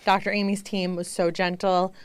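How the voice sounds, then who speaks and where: A woman's voice: mid-range voice, level tone, normal speed, a little hiss or hum. A woman co-hosting a podcast, enthusiastic and chatty, saying "y'all". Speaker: podcast co-host. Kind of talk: casual podcast chat.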